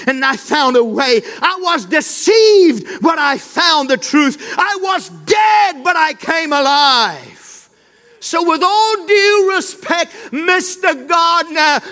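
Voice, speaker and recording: A man's voice: very high-pitched, bright, forceful tone, full character voice. A man voicing a tearful grieving woman, pleading. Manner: pleading, impassioned, tearful cries. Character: grieving woman pleading for her lost lord. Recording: long reverb of a large hall.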